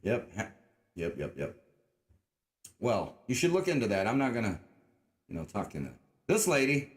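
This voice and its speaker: A man's voice: medium pitch, sing-song, unhurried, pauses often. Rambling, sarcastic livestream guy. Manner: rambling, sarcastic, swears a lot, mock-redneck drawl. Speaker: livestream host. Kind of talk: casual livestream commentary.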